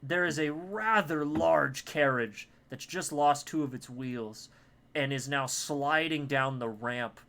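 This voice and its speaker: A man's voice: a little high, slow, creaky, sharp tone. A man narrating a tabletop game as game master in a casual, profane way. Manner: casual, profane, laughs easily.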